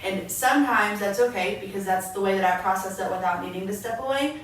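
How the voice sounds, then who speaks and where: In casual podcast conversation, a young woman co-host recounts stories with animation, acting out her past lines. She talks at a quick pace in a mid-range voice; the recording is echoey, the mic distant, with faint noise.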